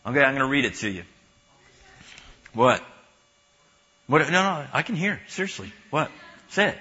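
A man preaching in a loose, conversational way, stopping and restarting as he jokes with the people in front of him. His voice is bright and forceful, with a husky edge. The recording is muffled and lo-fi. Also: mid-range voice, sing-song. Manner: halting and chatty, joking with the audience. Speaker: pastor. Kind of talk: conversational sermon.

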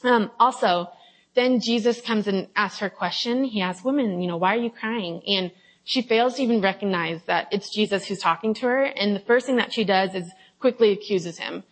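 A woman's voice: mid-range voice, normal speed, poor audio. Chatty young woman leading a Bible talk. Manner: chatty, confessional, full of fillers and acted-out quotes. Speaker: Bible study leader. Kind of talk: casual devotional talk with scripture reading.

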